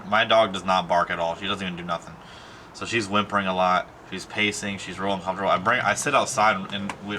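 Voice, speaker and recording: A man's voice: low voice, bright, forceful tone, slight background noise. A young man talking in a casual personal vlog, rambling and emotional, with many fillers and restarts. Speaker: vlogger.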